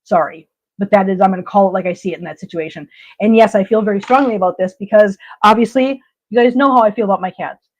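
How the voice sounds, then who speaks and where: A woman's voice: mid-range voice, quick pace, low-quality recording. A woman hosting a live stream, chatting casually and reading out viewer comments, blunt, emotional and repeating herself for emphasis.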